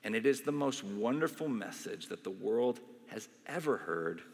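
A man's voice: fairly low pitch, normal speed. Man preaching in a reverberant church. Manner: conversational, animated storytelling. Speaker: pastor. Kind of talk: sermon. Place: church sanctuary. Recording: long hall reverb.

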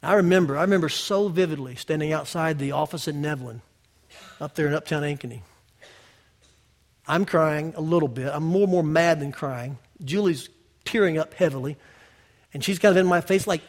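A male pastor preaching a sermon in a conversational way, telling personal stories straight to the congregation and swinging from loud to hushed. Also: a little high, a little fast. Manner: personal storytelling, addressing the congregation directly.

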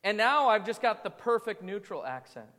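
A man's voice: high voice, sing-song, normal speed, pushed and bright. A man preaching a sermon as pastor, speaking conversationally and asking the congregation rhetorical questions. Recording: long reverb of a large hall.

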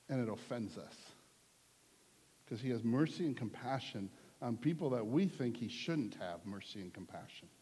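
Husky-voiced male pastor preaching in a hall. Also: mid-range voice, warm tone. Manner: conversational and earnest, repeats for emphasis. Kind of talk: sermon. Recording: long hall reverb.

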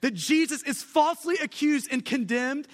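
A man's voice: very high-pitched, normal speed. A man preaching a sermon with emphasis, building lists of repeated phrases. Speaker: pastor. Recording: long hall reverb.

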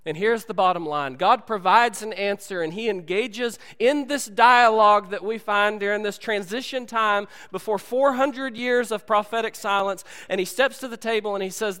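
A man preaching a sermon, telling stories in an animated way and acting out movie lines for his congregation. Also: sits high, normal speed, hardly any pauses, smooth, long reverb tail. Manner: animated storytelling, acts out movie dialogue. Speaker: pastor. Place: church sanctuary.

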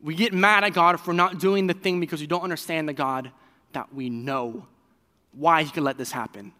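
Bright-voiced man preaching in a reverberant hall. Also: a little high, normal speed. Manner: conversational, animated preaching with fillers. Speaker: pastor. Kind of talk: sermon.

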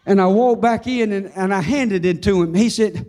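An older man preaching with a strikingly high voice. He tells his testimony in a folksy, humorous way and slows to a fervent crawl on the words he wants to land. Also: warm tone. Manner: fervent, slows down on key phrases. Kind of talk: sermon with personal testimony.

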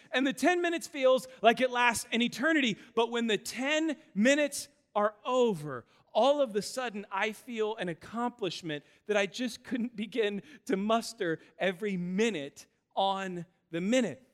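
A man in his thirties preaching a sermon in a church auditorium, telling stories in an animated way with self-deprecating humor. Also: high-pitched, big-room sound. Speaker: pastor.

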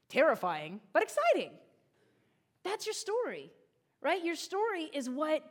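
A woman pastor giving a sermon, telling a funny story with lots of acted-out quotes. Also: high-pitched. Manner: animated, humorous storytelling with voiced quotes.

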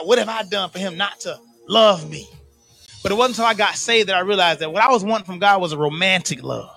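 A man preaching a sermon to his church, swinging from soft, slow lines to shouted, sing-song peaks. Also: high voice, vocal fry. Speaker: pastor.

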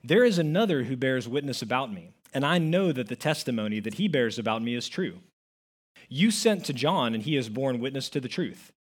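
A man's voice: mid-range voice, very animated, fairly quick, husky. A man preaching a sermon as pastor, telling stories with acted-out quotes and stressing key words. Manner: storytelling with acted-out quotes, emphatic.

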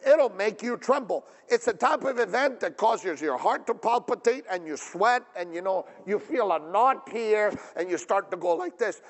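A man preaching a sermon as pastor, emphatic and animated, often asking the audience questions. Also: sits high. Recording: long reverb of a big hall.

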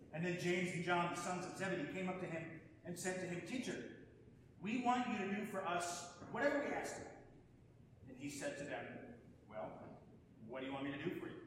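Man, liturgical gospel reading, measured and unhurried, high pitch, cavernous echo, audible background noise. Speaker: scripture reader. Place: church sanctuary. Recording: very echoey church hall with background noise.

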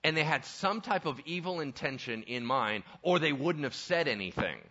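A man preaching a sermon in a church sanctuary, telling Bible stories with humor and dropping to quiet intensity for serious points. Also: on the high side, moderate pace, dull audio. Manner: animated, humorous storytelling, shifts to quiet intensity. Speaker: pastor.

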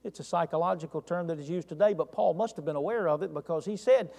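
High-voiced preacher in a reverberant church. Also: male voice, fast, creaky, darkish tone. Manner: earnest preaching, asks the congregation direct questions. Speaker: pastor. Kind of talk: sermon.

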